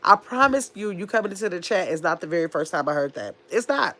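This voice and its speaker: A woman in her fifties with a nasal voice, hosting a casual livestream, talking very fast and bluntly while reading chat comments. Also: lowish voice, animated, fairly bright tone. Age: 50s. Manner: talks very fast, blunt and chatty. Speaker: livestream host.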